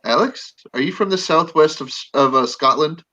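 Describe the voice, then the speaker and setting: Chatty stream host guy, kinda high voice, bright and forceful, cracks jokes. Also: normal speed, low-quality recording. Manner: joking, laughs often. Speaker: livestream host. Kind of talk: casual chat.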